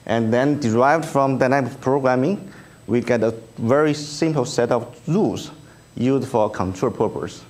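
Man with a Chinese accent, halting. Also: mid-range voice, a little mellow. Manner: halting, many ums and uhs, self-deprecating humor. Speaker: speaker at an engineering research review. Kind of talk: conference talk with slides. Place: conference room.

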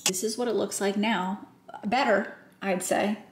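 A woman's voice: medium pitch, steady tone, unhurried. A young woman vlogging at home, chatting casually and playfully to the camera while cooking in her kitchen. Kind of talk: casual vlog chat. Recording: echoey room, faint background hiss.

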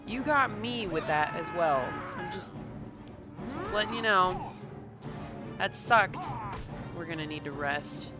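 A woman's voice: lowish voice, lively intonation, slow, long pauses, music in the background. A woman streaming a fantasy role-playing game live, chatting and reacting aloud as she plays. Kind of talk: live let's-play commentary.

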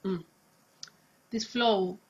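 A woman's voice: mid-range voice, fairly even intonation, muffled recording. A woman coaching a singing student, demonstrating phrases with long, stretched vowels. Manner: demonstrates lines slowly, drawn-out Italian vowels. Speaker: vocal coach. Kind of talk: singing lesson.

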